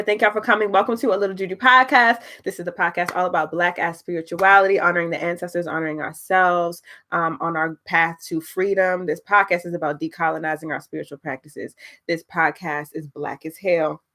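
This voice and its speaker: A young woman hosting her podcast on a livestream, chatting in an excitable, slangy way that is close to tears of joy. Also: lowish voice. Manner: excitable, laughing, emotional, slangy. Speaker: podcast host. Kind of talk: casual livestream chat.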